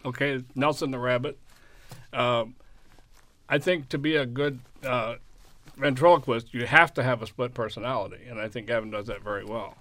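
A man as a guest on a radio show, talking casually with fillers and pauses. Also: mid-range voice, fairly bright tone, no room sound. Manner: hesitant, with fillers. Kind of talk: casual on-air interview.

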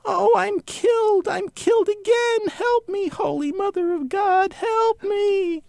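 A man voicing a ghostly ventriloquist dummy that speaks like a crazed monk in a slow, eerie, high-pitched drone. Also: gravelly, a little mellow, no echo, exaggerated voice. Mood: frantic wailing.

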